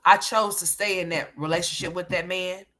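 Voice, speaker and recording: Bright-toned, emphatic woman commentator. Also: lowish voice, steady tone, normal speed. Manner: candid, emphatic and profane, calls listeners honey. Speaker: commentary channel host. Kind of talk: casual commentary.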